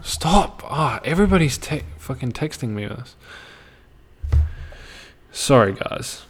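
A man's voice: mid-range voice, animated, a little slow, husky, faint music behind. Rambling, foul-mouthed young Australian man. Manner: loose and chatty, swears often, trails off and restarts. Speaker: vlogger. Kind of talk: casual rambling monologue.

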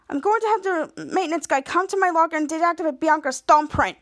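A woman's voice: high voice, expressive, fairly quick. A woman podcast host casually recapping a TV episode, retelling each scene and raising her voice for the quoted lines.

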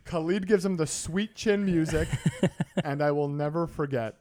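In an unhurried, fairly high-pitched voice, the co-host of a sports betting podcast shares stories amid easygoing banter, vividly acting out scenes from films.

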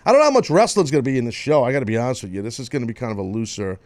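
A man hosting a talk show, teasing callers with loose joking banter and sudden loud yelps. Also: mid-range voice, very animated, rapid-fire, no room sound. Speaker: host.

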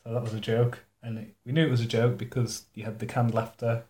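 A man's voice: mid-range voice, level tone, fast, dark tone. A man, co-hosting a casual podcast, joking sarcastically about a TV episode and swearing freely. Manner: sarcastic, sweary, laughs often. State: recovering from an ear infection. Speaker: podcast co-host.

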